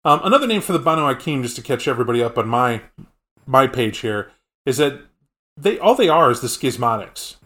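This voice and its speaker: A man's voice: mid-range voice, sing-song, brisk, pushed and bright. A man co-hosting a casual podcast, explaining tabletop game lore in a rambling, conversational way. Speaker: podcast co-host.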